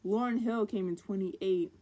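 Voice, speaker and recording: A woman's voice: medium pitch, normal speed, dark tone. Blunt, sarcastic woman co-host. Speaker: podcast co-host. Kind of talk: casual chat.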